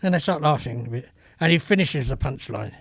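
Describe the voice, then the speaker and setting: An older man with a gravelly voice, a comedy club veteran telling rambling, earthy stories in a casual podcast chat. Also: medium pitch, lively intonation, brisk, a bit bright, no room sound, clean studio sound. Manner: rambling, earthy, swears freely. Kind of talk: casual anecdotal storytelling. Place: podcast studio.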